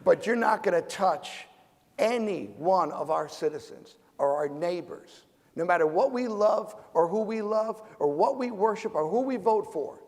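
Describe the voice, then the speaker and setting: A man in his forties speaks as a decorated veteran on a forum panel, firing off rhetorical questions with bursts of intensity. His voice sits notably high for a man. It rings with the long reverb of a large event hall. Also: lively intonation, moderate pace, a little mellow. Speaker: Medal of Honor recipient panelist. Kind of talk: impassioned forum speech.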